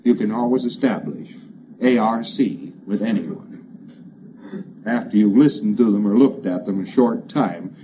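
A man giving a plainspoken, emphatic lecture to a congress, repeating phrases that trail off quieter each time. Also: fairly low pitch. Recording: dull, hissy old lecture recording.

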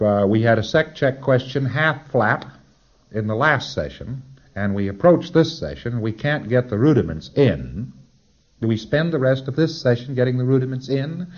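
A man giving a recorded lecture, explaining procedures step by step and acting out little dialogues, on a dull lo-fi tape recording. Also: mid-range voice.

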